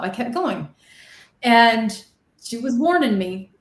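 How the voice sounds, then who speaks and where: Speaking a little slowly in a fairly high voice, a medium and ghost hunter animatedly shares her experiences during an interview. She re-enacts remembered voices with dramatic flair, and the room she's in is echoey.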